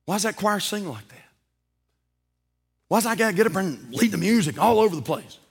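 Man preaching, husky and a bit high-voiced, goes from shouts down to whispers. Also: very animated, fairly quick. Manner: dramatic storytelling, swinging from shouts to whispers. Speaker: pastor. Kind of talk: sermon.

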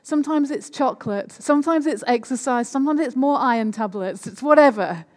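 A woman preaches a sermon in a conversational way, often checking in with the listeners through questions. Her voice sits fairly high. The sound carries a long reverb, as in a church hall. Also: fairly quick, a little mellow.

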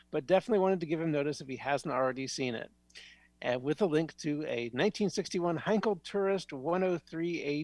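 A man's voice: fairly high pitch, no room sound. A man co-hosting a motorcycle podcast, reading a listener's email in an easygoing way, with small stumbles. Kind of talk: casual podcast chat.

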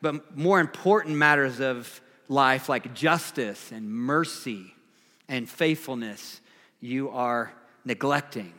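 A man's voice: mid-range voice, takes it slowly, pushed and bright. A man preaching a sermon and teaching through a Bible chapter in a casual, conversational way, with frequent fillers and repeated phrases. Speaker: pastor. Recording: long reverb, echoey hall.

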